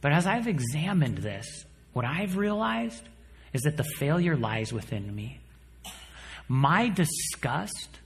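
Animated male preacher in a reverberant hall. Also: mid-range voice. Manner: animated storyteller, drops to quiet earnest tone. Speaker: pastor. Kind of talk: sermon.

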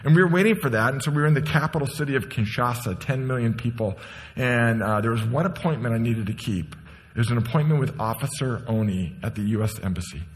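A middle-aged man preaching a sermon, telling a story with passion and dropping to a hush for quiet moments. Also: medium pitch, fast talker. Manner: storytelling, impassioned, shifts between hushed and raised. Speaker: pastor. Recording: long hall reverb.

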